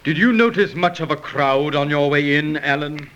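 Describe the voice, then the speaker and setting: An actor playing a teasing, merry young stage actor in an old-time radio drama. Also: male voice, a little high, moderate pace, fairly bright tone, dull audio, natural voice. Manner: playful, mock-archaic swagger.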